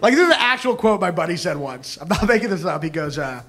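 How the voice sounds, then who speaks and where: Man doing stand-up, very high voice, lively swings, live club recording with noisy audience laughter. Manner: animated, mock-indignant, acts out characters in quick bursts. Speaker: stand-up comedian. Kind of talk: stand-up comedy set. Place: comedy club stage. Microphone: handheld stage mic.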